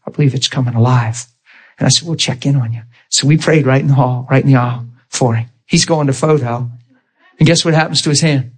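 Male preacher, slightly high and husky, storytelling sermon style. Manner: storytelling, quoting both sides of conversations. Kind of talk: sermon with acted-out stories.

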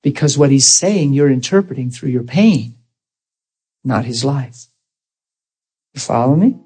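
A man preaching to a congregation through a personal story, his voice husky and breathy at a middle pitch. He talks earnestly and acts out both sides of the conversation as he goes. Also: measured pace, rough recording. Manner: earnest, animated retelling with quoted dialogue. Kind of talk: storytelling sermon.

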